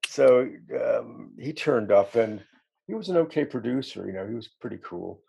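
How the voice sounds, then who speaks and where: At a medium pitch, the man sounds expressive, warm and slightly rough with vocal fry, speaking at normal speed over dull audio. He's a middle-aged musician being interviewed casually, telling meandering, self-mocking stories punctuated by frequent laughter.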